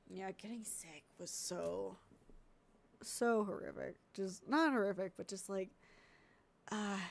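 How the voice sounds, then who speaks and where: Woman, streamer, congested, gravelly fry, mid pitch, casual chat, thinking aloud. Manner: chatty, thinking aloud, easily distracted. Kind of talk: casual chat while video editing.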